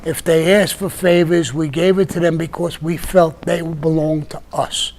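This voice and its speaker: Older male guest, Brooklyn accent, meandering raconteur, slightly higher-pitched voice. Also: little pitch movement, moderate pace, darkish tone. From Brooklyn, New York. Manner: rambling, with many restarts and "you know". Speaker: podcast guest telling stories. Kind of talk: casual storytelling chat.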